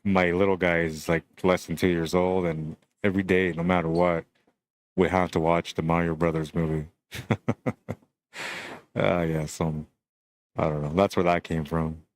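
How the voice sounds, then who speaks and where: A man with a low voice calls a pool match live, talking through each shot in a relaxed, chatty way. Between shots he greets viewers of the stream one by one. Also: normal speed, pauses often, dry recording.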